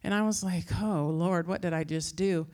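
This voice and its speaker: A woman who teaches Christian faith, giving an informal talk and telling rambling, animated stories that act out other people's voices. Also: on the low side, moderate pace. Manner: acts out quoted voices.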